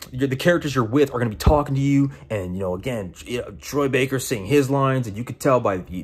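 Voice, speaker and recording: A man's voice: mid-range voice, husky. A young man giving casual game commentary, exasperated and profane, often incredulous. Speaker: game reviewer.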